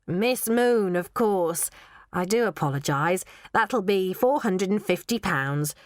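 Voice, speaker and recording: A woman's voice: medium pitch, expressive, takes it slowly, no echo, clean studio sound. A woman voicing a polite, formal female airline clerk.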